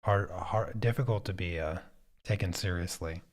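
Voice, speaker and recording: A male art teacher hosting a casual paint-and-chat session, talking in a relaxed, halting way and often repeating words as he thinks. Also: sits low.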